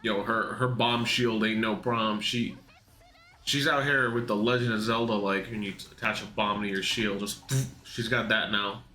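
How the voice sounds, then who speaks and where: A young man in casual, profane reaction commentary, excitable and laughing, mocking the characters in put-on voices. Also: fairly low pitch, normal speed. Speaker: anime reaction youtuber. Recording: echoey room.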